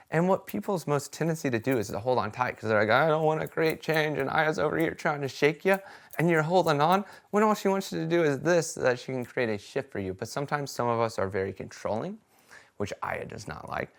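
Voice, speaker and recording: A man chatting casually to camera about his experiences, telling stories in an animated way and often checking in with "right?" and "okay?". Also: medium pitch, gravelly. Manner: animated storytelling, acts out quoted voices; conversational fillers like "right?" and "okay?". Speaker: vlogger sharing experiences.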